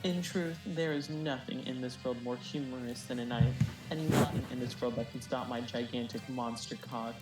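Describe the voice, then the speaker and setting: A woman voicing a crude, lecherous villain king in a live fan voice-over, mocking and theatrical, recorded from a distant mic over loud game music. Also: very deep voice, steady tone, moderate pace.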